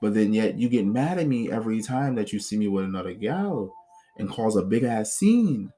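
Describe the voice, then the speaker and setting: A man hosting a podcast, telling personal stories in a blunt, profane, animated way. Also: lowish voice, moderate pace. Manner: blunt, profane, animated retelling with acted quotes. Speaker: podcast host. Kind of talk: casual storytelling monologue.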